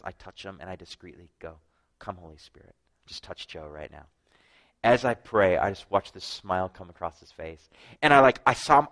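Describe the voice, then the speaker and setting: A man preaching a sermon, telling his own story with lively acted-out dialogue and frequent drops to a hushed voice. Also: on the low side, rough recording. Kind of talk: sermon with personal testimony.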